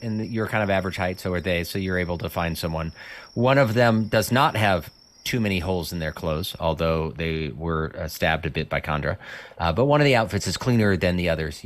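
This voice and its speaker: Laid-back male game master with a slightly low voice, meandering through scene narration. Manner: rambling, loose, filler-heavy.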